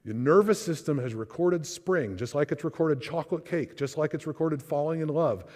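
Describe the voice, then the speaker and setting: A man's voice: a little high, normal speed, darkish tone. A man giving a conversational church seminar talk on trauma, acting out inner voices in quotes. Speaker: speaker on trauma. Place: church hall. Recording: reverberant church hall.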